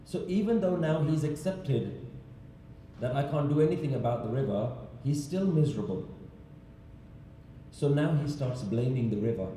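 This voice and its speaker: A man's voice: medium pitch, moderate pace, mellow, slight background noise. A man giving a sermon-style talk in a large temple hall, telling a story and asking rhetorical questions. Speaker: religious speaker. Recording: echoey hall, distant mic.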